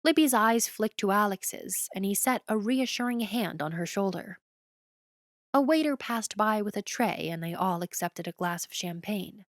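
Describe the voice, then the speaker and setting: A woman narrating a romance audiobook in an even storytelling delivery, recorded close to the mic. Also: medium pitch, moderate pace, dry recording.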